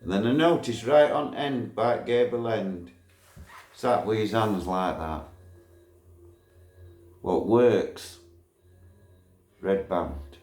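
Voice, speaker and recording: In an echoey room with faint background noise, a man with a lowish, slightly mellow voice speaks slowly with long pauses. A former prisoner, he recounts a riot in a casual storytelling way, blunt and swearing freely, laughing at his own memories.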